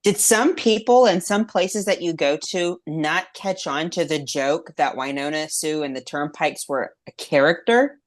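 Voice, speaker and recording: A woman's voice: low-pitched, measured pace, hardly any pauses. A woman hosting an interview, asking eager, enthusiastic questions over a video call. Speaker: interviewer, host. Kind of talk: casual interview chat.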